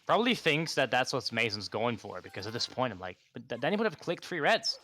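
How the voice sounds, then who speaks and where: A man's voice: medium pitch, very animated, fast talker, sharp tone. A man co-commentating a live esports match in a jokey way, laughing often between his remarks.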